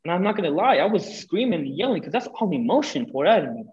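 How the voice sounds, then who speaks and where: Young male podcast guest, lively storyteller, highish voice, dull lo-fi sound. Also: quick pace. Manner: animated, swearing, acts out quotes. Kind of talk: casual storytelling. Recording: dull lo-fi audio.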